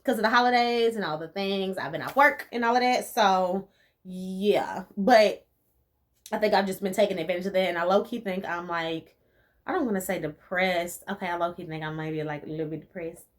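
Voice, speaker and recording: Answering her viewers' questions, this young rural-US vlogger speaks briskly in a lowish voice. The chat is casual and animated, with frequent laughter and relaxed slang.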